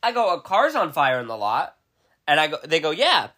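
A man's voice: fairly high pitch, a little fast. A young man co-hosting a podcast, telling a story in casual chat and acting out the quotes, often laughing. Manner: animated, acts out quotes with laughter. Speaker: podcast co-host.

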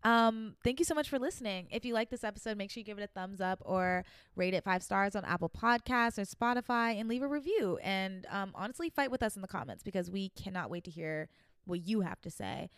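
A young woman hosting a casual podcast, chatty and animated, swearing now and then. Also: medium pitch, fairly quick, clean tone, dry recording, clean studio sound. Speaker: podcast host. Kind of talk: casual chat.

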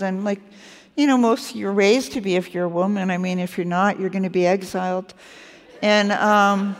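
A woman in her sixties speaking as a guest author in a live onstage conversation, candid and wry, slowing down for emphasis. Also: medium pitch, darkish tone, in a large hall. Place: onstage at a festival.

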